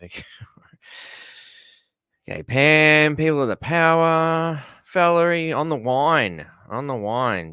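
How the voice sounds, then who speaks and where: A man's voice: lowish voice, pushed and bright, smooth, no echo, clean studio sound. An Australian man hosting a casual live stream from home, chatting loosely and greeting viewers by name. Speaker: livestream host.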